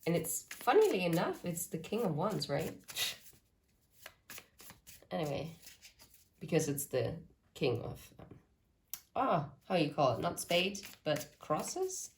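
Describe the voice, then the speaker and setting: Low-voiced woman giving a tarot reading. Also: big pitch swings, slow pace, long pauses, slight background noise. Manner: earnest spiritual talk with rambling asides. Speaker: tarot reader. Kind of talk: channeled tarot reading to camera.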